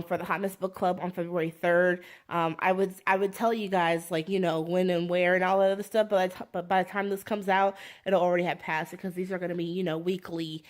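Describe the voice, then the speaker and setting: A woman book vlogger chatting casually to her phone, gushing and rambling, swinging between giddy excitement and near tears. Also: fairly low pitch. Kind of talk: casual fan vlog chat.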